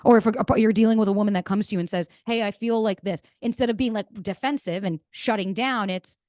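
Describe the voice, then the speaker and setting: A woman's voice: mid-range voice, fairly quick, no echo. Blunt, swearing woman with dry sound. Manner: blunt, swears freely, animated. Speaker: podcast host. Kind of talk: motivational talk.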